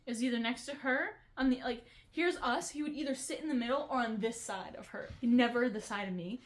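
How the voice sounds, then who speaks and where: A woman's voice: on the high side, fairly quick. A young woman hosting a casual chat, telling a school story in a chatty way, swearing and laughing often. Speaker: vlogger host.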